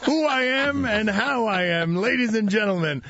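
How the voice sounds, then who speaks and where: High-voiced animated man in his forties. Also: normal speed, highs cut off. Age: 40s. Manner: animated, needling. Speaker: radio host. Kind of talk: sports talk radio.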